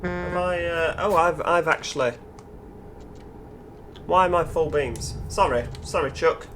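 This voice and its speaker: A man's voice: a little high, a little slow, a bit bright, a little hiss or hum. A man with a Yorkshire accent hosting casual gameplay commentary, chatty, musing aloud and talking to the other drivers. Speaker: gaming channel host.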